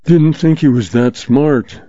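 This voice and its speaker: A man's voice: medium pitch, takes it slowly, dark tone, dry recording, muffled recording, pitched above the performer's own voice, close to an everyday voice. A man playing a grim frontier deputy muttering gloomily to himself in a storybook reading. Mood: gloomy. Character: grim, weary mountain-bred deputy man.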